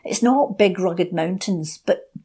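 Expressive woman storyteller. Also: lowish voice, slow, breathy edge. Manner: expressive, shifting between hushed and lively. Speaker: storyteller guest. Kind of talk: oral folk storytelling.

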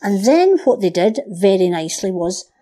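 A woman, explaining history in a casual podcast chat as a lively storyteller who acts out the voices she quotes. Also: medium pitch, normal speed.

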